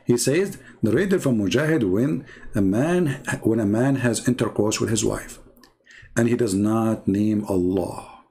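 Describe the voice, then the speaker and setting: A man speaking imperfect English in a sarcastic, animated commentary monologue as a religious debater. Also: on the low side, breathy edge. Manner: non-native English with slips.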